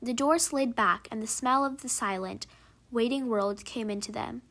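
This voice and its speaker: A woman narrating a short story aloud in a measured, expressive reading. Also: fairly high pitch.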